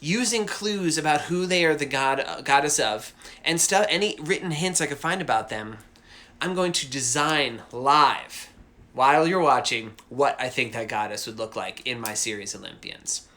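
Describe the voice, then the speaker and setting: A man's voice: mid-range voice, moderate pace, sharp tone. A man casually chatting on a live drawing stream from home, rambling and enthusiastic with lots of asides. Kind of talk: casual livestream chat.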